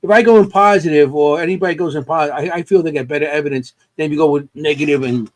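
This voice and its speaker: A man co-hosting a podcast, speaking earnestly and haltingly, repeating words. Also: a little high. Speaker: podcast co-host. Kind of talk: casual chat.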